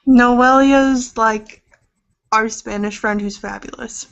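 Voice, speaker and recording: A woman's voice: a little high, fairly even intonation, takes it slowly, gravelly, smooth. A young woman from Iowa co-hosting a podcast, chatting casually in a rambling way with casual swearing. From Iowa, United States. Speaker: podcast co-host. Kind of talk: casual chat. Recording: dull lo-fi webcam audio.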